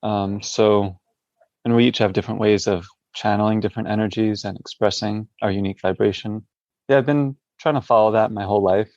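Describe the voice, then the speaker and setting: A man's voice: on the low side, steady tone, brisk, a little mellow, no room sound, lo-fi sound. A man speaking as a podcast guest from a hospital room, reflective and hesitant, with many fillers. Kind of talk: interview conversation.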